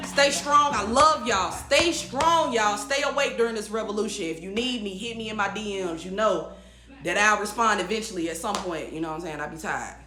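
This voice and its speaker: A woman's voice: mid-range voice, moderate pace, bright, forceful tone, faint music behind. A woman hosting a weekly livestream, giving an encouraging message in a casual, emphatic way, repeating her phrases and chatting back to viewers' comments. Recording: echoey room.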